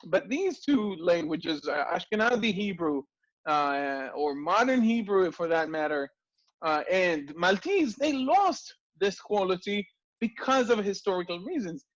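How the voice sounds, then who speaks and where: A man teaching an online language class, lively and full of rhetorical questions. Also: sits high, a little slow, dry recording, dull audio. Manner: lively, asks rhetorical questions, frequent restarts. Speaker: language lecturer.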